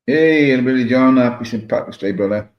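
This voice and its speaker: A man from Wales with a Welsh accent hosts a livestream, reading the chat, rambling casually and greeting viewers by name. His mid-range voice is fairly quick, and the echoey room gives a dull, lo-fi sound.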